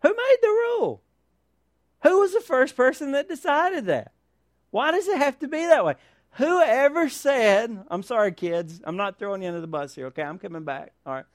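A male pastor preaching with a high, lively voice that swoops up and down. He keeps firing rhetorical questions and asking for an amen. The sound is close and dry. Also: moderate pace, no echo. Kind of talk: sermon.

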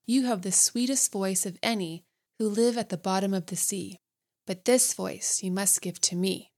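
A scornful old sea witch who bargains and warns in a storybook tale, read aloud by a woman. She speaks in an even middle pitch, mocking and ominous rather than loud. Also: normal speed, natural voice. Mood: warning.

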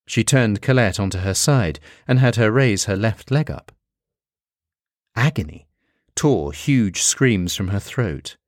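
Guy reading a story out, low voice, slow and steady, dry recording. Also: no echo. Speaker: narrator. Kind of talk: scripted narration.

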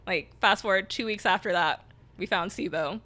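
Bright-voiced young woman telling stories. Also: mid-range voice, moderate pace. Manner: open, storytelling, light self-deprecating laughs. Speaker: podcast guest. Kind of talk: casual podcast interview.

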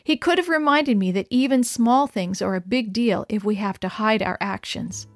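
A woman reading a children's story aloud, bringing the dialogue to life with lively, expressive delivery. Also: medium pitch, moderate pace, no echo, clean studio sound, faint music behind. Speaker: narrator. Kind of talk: scripted children's story narration.

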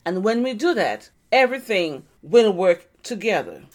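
Female podcast co-host, Bible study reader, even and steady. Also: medium pitch, moderate pace. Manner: steady reading and explaining of verses. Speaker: co-host reading scripture.

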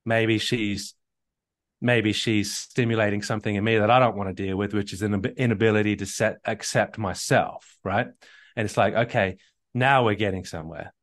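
A man with a lowish voice coaches a caller on a live call. He talks earnestly, repeats himself and often restarts his sentences. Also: fairly even intonation, normal speed. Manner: earnest, repetitive restarts, storytelling. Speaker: marriage coach.

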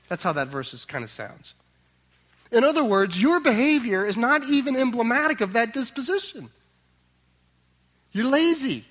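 A man preaching a sermon, swinging between loud emphatic passages and quiet tender asides. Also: sits high, animated, brisk. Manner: acts out the master's voice in quotes. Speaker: pastor.

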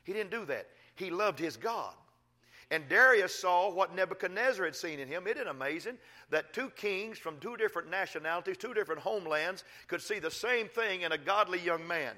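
A man preaching a sermon, folksy and emphatic, rising to loud exhortations and dropping to quiet asides. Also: high-pitched, expressive, fairly quick. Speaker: pastor.

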